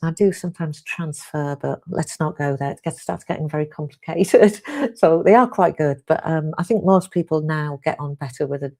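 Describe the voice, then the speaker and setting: A woman's voice: low-pitched, moderate pace, a little mellow. A British woman hosting a live question-and-answer stream, chatting casually and rambling a little as she reads out viewer comments. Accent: British English. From United Kingdom. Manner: chatty and rambling, with frequent ums and restarts.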